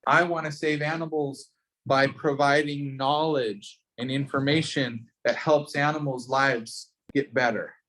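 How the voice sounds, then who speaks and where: Energetic man coaching a class. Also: mid-range voice, unhurried, distant mic. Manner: energetic, coaching, repeats and restarts phrases. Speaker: teacher of an entrepreneurship class. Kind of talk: classroom teaching. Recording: echoey room, speaker off-mic, faint noise.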